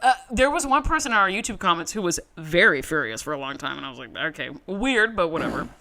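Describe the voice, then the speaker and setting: A woman co-hosting a podcast, chatting casually in a profane, animated storytelling way. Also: lowish voice, fast talker. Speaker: podcast co-host. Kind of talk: casual recap chat.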